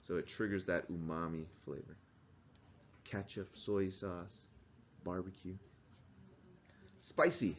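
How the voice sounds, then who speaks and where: A man's voice: sits low, fairly even intonation, slow, long pauses, highs cut off, slight background noise. A man teaching a class, explaining things in a conversational way and asking the students questions. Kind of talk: classroom lecture.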